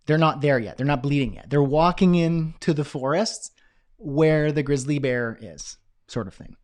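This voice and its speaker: A male coach with a fairly high voice, teaching live in a loose, energetic, conversational way. He keeps pausing to check in with his viewers and answer their chat questions. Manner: energetic, conversational, frequent "okay?" check-ins. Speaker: business coach.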